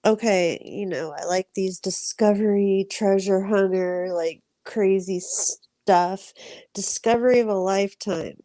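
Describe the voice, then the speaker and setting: A woman's voice: medium pitch, a little slow, mellow, dry recording. A woman, co-host of a casual chat show, talking chattily and filling her speech with "like" and "you know".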